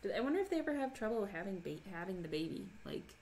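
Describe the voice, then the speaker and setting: A woman's voice: mid-range voice, very animated, fast talker, a little mellow, a little hiss or hum. A woman from Minnesota chatting casually on a crafting livestream, reading chat aloud and laughing often. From Minnesota, USA. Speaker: livestream host.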